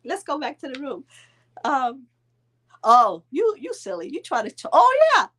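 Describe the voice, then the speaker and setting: A woman in her thirties casually telling a vacation story to her viewers, chatting along with their comments and filling pauses with "um". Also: high voice, big pitch swings, a bit bright, slightly rough. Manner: chatty, answers viewer comments, frequent ums and laughs. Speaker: vlog host telling a story to live viewers.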